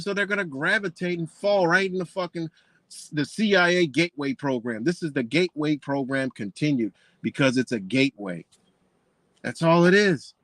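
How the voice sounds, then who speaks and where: A man with a slightly high voice rants about a book, mocking what he reads in scornful, profane commentary and firing off rhetorical questions. There's no echo.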